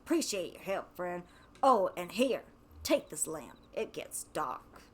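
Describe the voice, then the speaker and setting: A woman's voice: lowish voice, big pitch swings, a little slow, fairly bright tone, a little hiss or hum. A woman voicing a gray-haired old man who runs a gas station, with a drawling, folksy manner.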